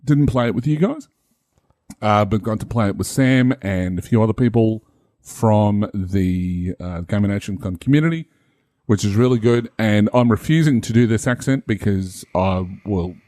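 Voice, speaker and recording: A man's voice: lowish voice, normal speed, dark tone, dry recording, studio quality. A man, a game master co-hosting a casual podcast, rambling and self-deprecating with many fillers.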